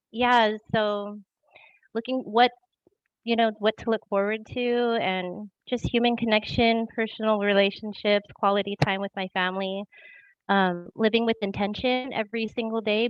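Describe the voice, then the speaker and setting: A woman's voice: medium pitch, no room sound. Chatty woman, muffled call audio. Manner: chatty, laughs often. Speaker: new team member. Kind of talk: casual sharing on a group call. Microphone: video call.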